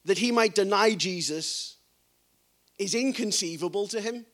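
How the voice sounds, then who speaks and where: A man delivers a sermon in a noticeably high voice. He reads scripture passages softly, then builds to forceful, emphatic preaching. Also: measured pace.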